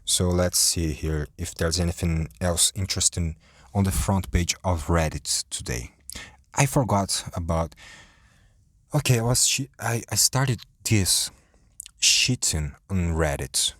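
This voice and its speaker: Tired guy ranting on his podcast, low voice, swears a lot, keeps restarting, dry mic. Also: measured pace, fairly bright tone, dry recording. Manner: rambling, profane, self-interrupting. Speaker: podcast host. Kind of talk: solo rambling podcast.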